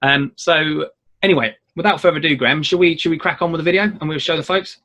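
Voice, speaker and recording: A man's voice: fairly high pitch, quick pace. A man co-hosting a casual chat show, rambling with lots of fillers. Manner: rambling, filler-heavy, lively intonation. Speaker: co-host.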